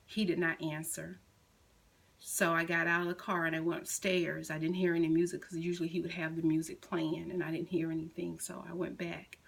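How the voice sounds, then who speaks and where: A middle-aged mother slowly recounting a painful personal story, at times softly quoting her son. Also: fairly low pitch, level tone, gravelly, slightly rough, low-quality recording. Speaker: grieving mother. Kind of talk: personal testimony.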